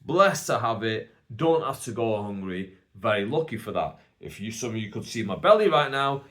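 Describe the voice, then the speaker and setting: A stand-up comedian talks through his week in a loose, chatty monologue. His pitch swings up and down as he acts out the people he met, and his voice sits in an ordinary middle register for a man. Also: fairly bright tone. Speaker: stand-up comedian, podcast host. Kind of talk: casual storytelling monologue.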